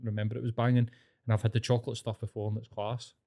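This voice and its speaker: A man's voice: mid-range voice, level tone, fast, mellow. A Scottish man co-hosting a podcast, chatting casually, blunt and full of swearing, working himself up into rants. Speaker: podcast co-host.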